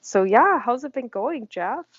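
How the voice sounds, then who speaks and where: A woman hosting a casual spiritual chat on her channel, chatty and quick to laugh. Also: on the high side, lively intonation, slightly rough, no room sound. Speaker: channel host. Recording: dry, dull lo-fi audio.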